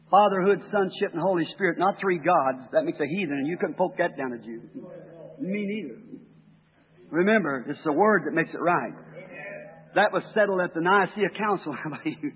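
A man's voice: a little high, lively intonation, normal speed, long pauses. A man preaching a fervent sermon that rises to emphatic peaks. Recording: tinny old tape in a reverberant hall.

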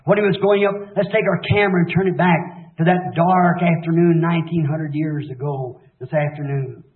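Brief: fervent man preacher with a very high voice; shouts, then drops to hushed lows; old tinny tape in an echoey hall. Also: moderate pace, few pauses. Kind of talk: impassioned revival sermon.

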